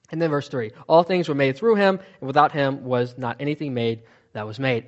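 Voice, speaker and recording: A man's voice: medium pitch, muffled recording. A man giving expository Bible teaching in an emphatic, conversational way.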